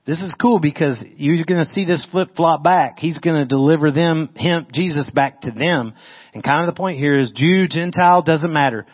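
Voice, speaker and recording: A pastor with a somewhat high voice moves at a moderate pace through a sermon that feels like a conversation. He frequently asks his listeners questions, and the recording is dull and lo-fi.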